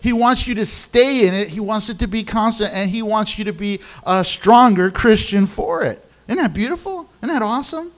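Man preaching, high voice, animated storytelling, acts out quotes. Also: normal speed, few pauses. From Mexican. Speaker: pastor. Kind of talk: sermon.

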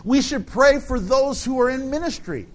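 A male pastor preaching a sermon in an earnest, animated way, laughing now and then between points. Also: very high-pitched, moderate pace.

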